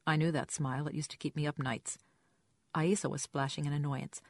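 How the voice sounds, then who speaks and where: A woman's voice: deep voice, little pitch movement, fairly quick, no echo. A woman reading a first-person story aloud in a dry, wry storytelling manner. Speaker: audiobook narrator. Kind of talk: scripted first-person narration.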